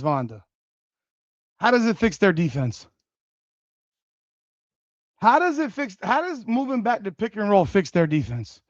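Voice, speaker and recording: Excitable high-voiced man reacting live. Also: unhurried, pauses often, no echo, highs cut off. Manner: excitable, exclaims and curses at plays; repeats rhetorical questions to chat. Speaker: livestream host. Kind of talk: live game reaction commentary.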